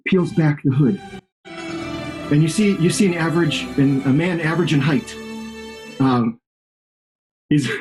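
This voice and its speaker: A man playing a tabletop game, joking around in character and repeating himself for effect. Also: fairly high pitch. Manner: jokey, exaggerated, repeats himself. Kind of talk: playful in-character banter.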